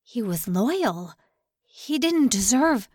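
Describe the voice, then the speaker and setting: A woman's voice: medium pitch, animated, slow, slightly rough, no echo, clean studio sound. A woman narrator voicing a shaken young male officer who speaks in a strained, tearful, accusing way. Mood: anguished.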